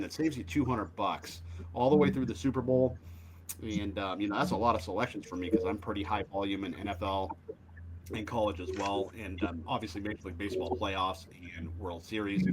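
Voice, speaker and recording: A man's voice: mid-range voice, background noise. A man hosting a sports betting show, talking casually and animatedly with many fillers.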